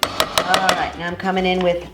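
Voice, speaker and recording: A woman's voice: fairly low pitch, completely flat delivery, normal speed, roomy sound, loud music behind the voice. A woman hosting a cooking demonstration in a kitchen, talking viewers through each step in an effusive, enthusiastic, chatty way. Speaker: cooking show host.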